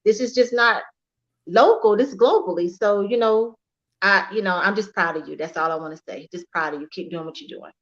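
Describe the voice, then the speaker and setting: A woman's voice: mid-range voice, brisk. A woman guest on a live online show, chatting casually and praising the host with emphatic encouragement. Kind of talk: casual live-stream chat. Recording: slightly dull lo-fi audio.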